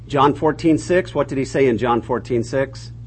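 A man's voice: mid-range voice, normal speed, slight background noise. A man teaching a conversational Bible lesson, asking the class rhetorical questions and restarting his sentences often.

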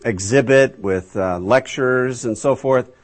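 A man's voice: mid-range voice, measured pace. A man teaching a conversational Bible lesson, asking the class rhetorical questions and restarting his sentences often.

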